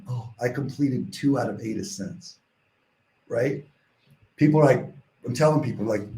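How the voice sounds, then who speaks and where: Male podcast guest, mellow tone, animated rambling storyteller, echoey room. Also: medium pitch, a little slow, pauses often. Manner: animated, rambling storytelling with many restarts and quoted dialogue. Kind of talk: casual storytelling in a podcast interview.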